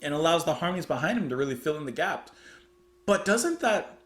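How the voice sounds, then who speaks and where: A man's voice: on the high side, sing-song, a little fast, roomy sound. A man giving casual reaction commentary on music, chatty and thoughtful as he muses aloud.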